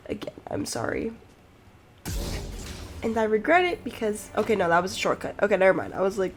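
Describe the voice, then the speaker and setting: A woman's voice: medium pitch, lively intonation, brisk, long pauses, a little hiss or hum, low-quality recording. A woman hosting a let's play, narrating her playthrough in rambling, self-deprecating casual commentary. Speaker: gaming channel host.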